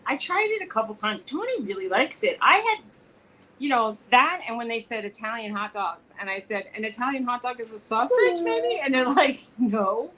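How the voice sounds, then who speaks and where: A woman co-hosting a casual live-stream chat, telling stories with lively quoted dialogue. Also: on the high side, normal speed, rough recording. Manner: chatty, animated storytelling with quoted dialogue. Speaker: co-host. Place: home.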